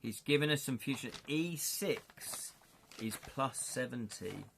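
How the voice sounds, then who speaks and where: Working through a gamebook on his live stream, a man jokes around with his viewers, talks to chat and laughs a lot. He speaks slowly in an animated, mid-range, gravelly voice with a fairly bright tone, over slight background noise.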